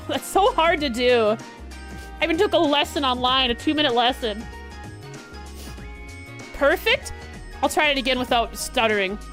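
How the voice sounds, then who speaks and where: A woman's voice: sits high, lively intonation, normal speed, long pauses, a bit bright, faint music behind. A woman game streamer chatting casually, giggly and self-deprecating. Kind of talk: casual livestream chat.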